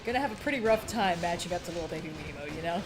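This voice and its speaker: A woman's voice: lowish voice, lively intonation, very fast, music in the background. A woman hosting a let's play, commentating as she plays with a playful, jokey manner. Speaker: host playing the game.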